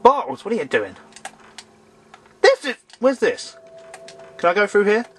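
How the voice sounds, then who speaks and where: A man's voice: sits high, huge pitch swings, a little slow, slight background noise. A man commentating a horror game, sarcastic and shrieking when startled. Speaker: let's play gamer.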